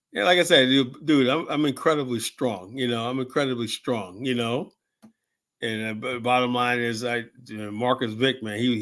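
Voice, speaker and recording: A man in his fifties with a medium-pitched, fairly bright voice hosts a show and tells rambling stories in casual talk. He swears freely and is full of fillers and restarts.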